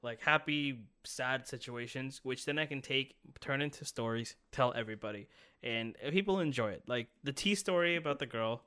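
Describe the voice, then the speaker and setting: Bright-voiced young man telling a story. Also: mid-range voice, moderate pace, clean tone. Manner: animated storytelling, heavy swearing; many restarts and filler words. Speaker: podcast host. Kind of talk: casual podcast chat.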